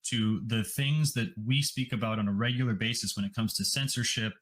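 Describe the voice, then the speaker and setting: A man's voice: medium pitch, fairly quick, a bit bright. Male host, mid-range voice, fervent and long-winded commentary. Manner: fervent, long run-on statements. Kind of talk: conversational interview commentary.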